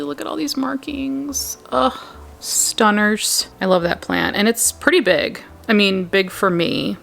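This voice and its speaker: A woman's voice: lowish voice, creaky, a bit bright. A young woman chatting casually and gushing as she films a tour of her plant shelves at home on a handheld camera. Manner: gushing, chatty, drops to a whisper at times. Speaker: plant vlogger.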